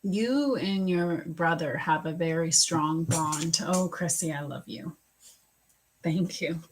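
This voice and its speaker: A woman psychic chats her way through live readings, giggly between answers and teary when she turns serious. Her voice sits a little low and husky. She takes her time with every phrase. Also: poor audio. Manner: chatty and giggly, slow and emotional in readings. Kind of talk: casual live-stream reading.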